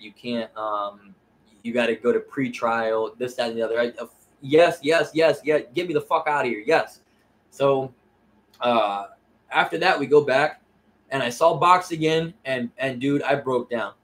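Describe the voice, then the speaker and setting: A young male vlogger with a medium-pitched, slightly bright voice casually tells a personal story. He is emotional and profane, often repeating "I said" and "you know what I mean."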